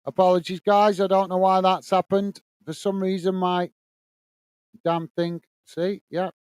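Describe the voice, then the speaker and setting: A man's voice: sits high, flat delivery, a little slow, a little mellow, clear, resonant tone, dry recording. A British man hosting a football watchalong stream, chatting casually, reading viewer comments aloud and muttering in exasperation about technology. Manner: rambling, exasperated muttering about tech trouble.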